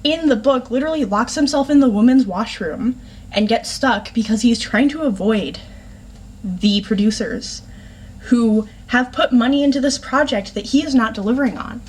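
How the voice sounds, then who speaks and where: A fairly high-pitched woman ranting about a book she hates. She talks in a sarcastic, exasperated way and swears freely. Her delivery is casual and conversational. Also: normal speed, darkish tone, breathy edge. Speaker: book reviewer.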